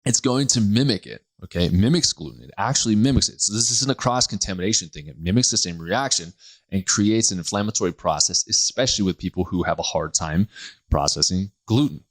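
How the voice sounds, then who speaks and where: Joking, animated podcast host. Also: male voice, low-pitched, brisk. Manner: animated and joking, laughs often, acts out quoted people. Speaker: podcast host, health practitioner. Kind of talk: solo podcast monologue.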